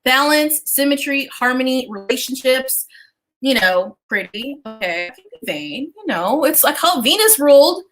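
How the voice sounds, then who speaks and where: A woman hosting a casual livestream as a business coach and astrologer, chatty and animated, swearing casually and talking straight to her viewers. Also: sits high, normal speed, soft background music, poor audio.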